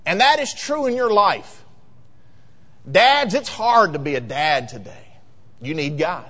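A man preaching a sermon as pastor, emphatic and rising to loud peaks in a church sanctuary. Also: sits high, animated, unhurried, long pauses. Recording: long reverb of a large hall.

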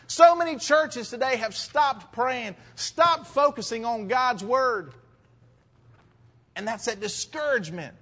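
A man preaching verse by verse, his voice sitting high for a man. He presses hard on his main points, and the sound trails off in a long reverberant hall. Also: expressive, slow, a bit bright. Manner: rises to emphatic preaching on key points. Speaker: pastor. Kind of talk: expository sermon.

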